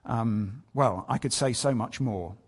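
A man's voice: mid-range voice, unhurried, slightly rough. A man preaching a sermon, telling a scripture story, reading verses aloud and asking his listeners rhetorical questions. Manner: asks many rhetorical questions.

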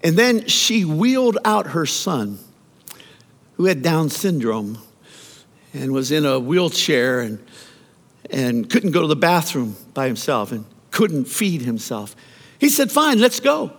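Male pastor, high and very animated, mid-sermon storyteller; long hall reverb. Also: takes it slowly. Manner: animated storytelling preacher with repeated words.

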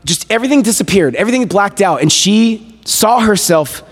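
A man giving a sermon as a guest preacher, retelling a story in a conversational, animated way with casual fillers. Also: high voice, a little fast, breathy edge. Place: church hall. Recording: echoey hall reverb.

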